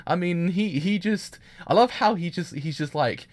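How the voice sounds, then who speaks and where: A man streaming a live anime reaction, gushing and excitable, with many restarts and fillers. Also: high-pitched, normal speed. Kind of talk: casual live reaction commentary.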